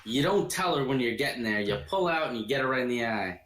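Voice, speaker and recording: Deadpan male contestant in an echoey room. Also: medium pitch, fast talker, slight background noise. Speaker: game show contestant. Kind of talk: crude comedy podcast banter. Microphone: online video call.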